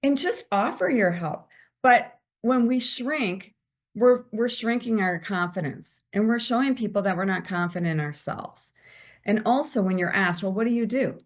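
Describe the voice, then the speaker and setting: A woman speaking as a podcast guest, giving lively career advice and acting out bits of small talk. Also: mid-range voice, a little slow. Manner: animated, acts out quoted small talk. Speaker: guest, visibility strategist.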